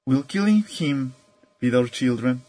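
A man voicing a calm, steady old tribal chief who speaks in quiet, measured questions. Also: medium pitch.

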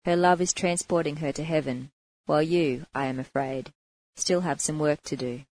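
A woman voicing a calm, patient gatekeeper at heaven's gates, speaking gently in a spoken story. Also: low voice, moderate pace, rough recording. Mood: gentle.

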